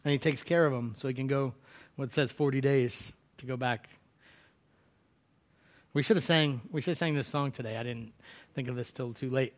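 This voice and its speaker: A man preaching a conversational sermon as a pastor, swinging from loud, dramatic cries to hushed, low lines. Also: fairly even intonation, normal speed, pauses often. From United States.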